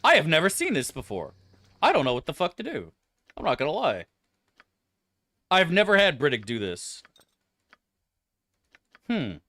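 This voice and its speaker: A man streams a game and talks straight to his chat, swearing freely and joking as he plays. His voice is bright and animated, with pitch moving all over. The sound is close and dry. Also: normal speed, long pauses, no echo. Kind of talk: casual gameplay commentary.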